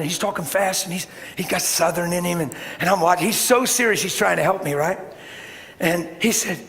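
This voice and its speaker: A man preaching a sermon as a story, animated, acting out voices and building up to shouts. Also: high voice, a little fast. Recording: hall reverb with faint noise.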